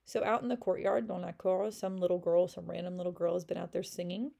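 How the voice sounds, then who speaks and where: Casual teacher, woman, gravelly and warm, chatty with lots of fillers. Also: lowish voice, level tone, fast. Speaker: French teacher. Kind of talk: casual read-aloud lesson, reading and explaining a French novel.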